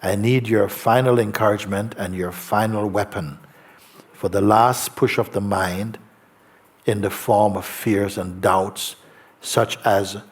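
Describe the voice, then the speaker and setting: Slow, soft-spoken man giving a spiritual talk. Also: lowish voice, steady tone. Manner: slow, gentle, soft-spoken with long pauses. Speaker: spiritual teacher. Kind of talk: satsang talk, reading a letter aloud. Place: outdoor gathering with faint ambience.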